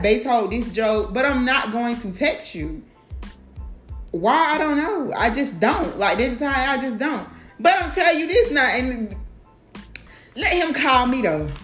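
A woman speaks in a blunt, profane, animated monologue, her voice sitting a little high. The sound is roomy, with light echo around her and faint music underneath. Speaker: mother talking to camera. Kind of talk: casual monologue.

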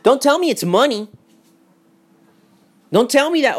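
A man's voice: high voice, sing-song, moderate pace. Fired-up young man ranting. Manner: heated, profane, repeats himself, swings loud and quiet. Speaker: vlogger. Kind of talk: profane casual rant. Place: home in Miami.

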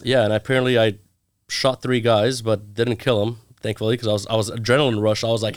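A man's voice: on the low side, fast talker, clean tone, dry recording, clean studio sound. A man in his thirties, a guest in a casual interview, telling stories with energy and acting out the lines of the people in them. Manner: animated storyteller acting out quoted dialogue.

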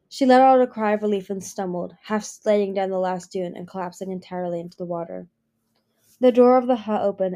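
Woman reading a fantasy novel, mellow tone. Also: medium pitch. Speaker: fan audiobook reader.

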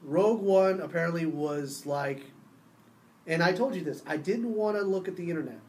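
Guy with a pretty high voice geeking out over movies, casual chat. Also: normal speed, a little hiss or hum. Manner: excited fan talk, mimics reactions.

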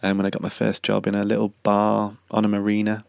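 A man's voice: on the low side, completely flat delivery, fast talker, gravelly, clean tone, no room sound, clean studio sound. A young man with a slight cough, hosting a podcast in a rambling, chatty way. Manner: rambling, self-correcting, chatty. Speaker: podcast host and singer-songwriter. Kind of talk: casual chatty monologue.

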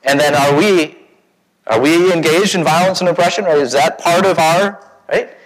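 A man's voice: fairly high pitch, moderate pace. A pastor giving a conversational sermon, often asking his congregation questions and acting out quoted voices. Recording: long hall reverb.

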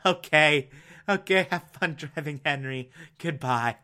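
A nervous teenage girl talking too fast to cover a secret, as a man puts her on. She babbles flustered reassurances in a bright, tense voice. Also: a little high.

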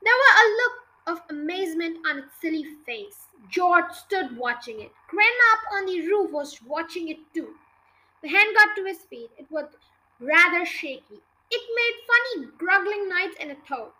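Podcast reader: woman, expressive children's-book narration, bright tone. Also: extremely high pitch, moderate pace, poor audio. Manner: expressive, lively read-aloud. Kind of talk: reading a children's book aloud.

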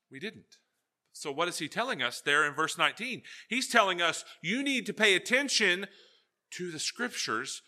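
A male pastor preaching a sermon, telling jokey stories and swinging between loud asides and hushed, earnest points. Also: fairly high pitch.

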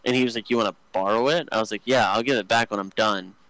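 A man's voice: lowish voice, fairly bright tone, dry recording, low-quality recording. Crude joking young man on a podcast. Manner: crude, joking, fast rambling with many fillers. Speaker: podcast co-host. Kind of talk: casual storytelling chat.

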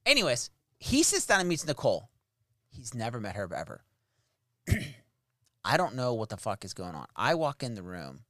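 Animated man telling a rowdy story. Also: medium pitch, normal speed, pauses often, dry recording, clean studio sound. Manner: animated, swearing, laughing storyteller. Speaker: podcast host. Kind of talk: casual storytelling chat.

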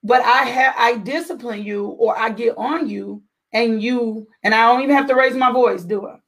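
Woman, middle-aged mother, high-ish voice, gravelly fry, earnest preachy parenting talk, rhetorical questions. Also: normal speed, a bit bright. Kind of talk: faith-based parenting talk.

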